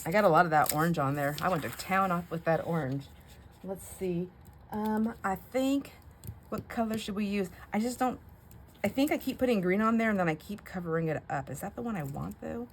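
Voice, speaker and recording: A woman's voice: medium pitch, fairly quick, a little hiss or hum. A middle-aged woman chatting casually while she crafts, rambling through a story with frequent "anyhow"s. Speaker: craft vlogger.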